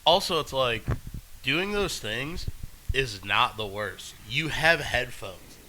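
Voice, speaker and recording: A man with a bright, edgy voice rambles through a casual podcast chat. He is loose and profane and laughs often. A faint hiss sits under the recording. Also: mid-range voice, animated, slow, rough recording. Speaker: podcast co-host.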